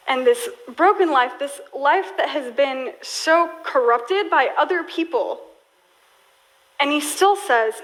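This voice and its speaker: A woman's voice: high-pitched, animated, slow pace, long pauses, a bit bright, low-quality recording. A young woman preaching a sermon in a casual, storytelling way, full of "like" fillers.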